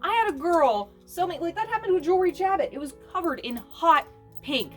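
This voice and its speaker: A woman chatting casually to camera as a fashion vlogger, animated and snarky, laughing often. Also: very high-pitched, a little fast, soft background music.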